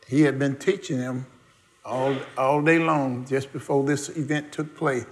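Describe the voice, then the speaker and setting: A man's voice: mid-range voice, steady tone, a little slow. A man preaching a sermon, quizzing the congregation with questions and folksy asides, in everyday dialect grammar.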